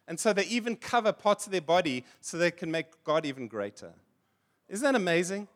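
High-voiced man preaching. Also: sing-song, brisk. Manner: conversational preaching, tells funny anecdotes and laughs. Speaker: pastor. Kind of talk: sermon.

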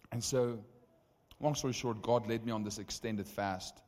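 A man preaching as the preacher, telling stories in an animated, conversational way with many asides. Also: lowish voice, slow, gravelly. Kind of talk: sermon storytelling. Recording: reverberant hall.

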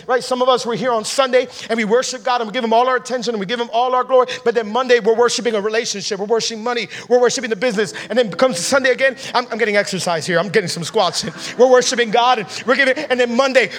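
A male pastor preaching a casual, energetic sermon, often repeating words and acting out the quotes he tells. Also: very high voice. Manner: builds from quiet to shouting intensity.

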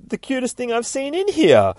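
Mocking comic-book antihero merc, high and sing-song, read by a man, dry mic. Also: wildly swooping pitch, normal speed, a little mellow, no room sound, full character voice. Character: smug teasing male antihero mercenary.

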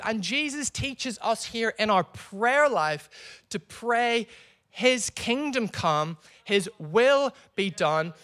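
Animated preacher man, high voice. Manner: animated storytelling preacher with crowd prompts. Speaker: pastor. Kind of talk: sermon.

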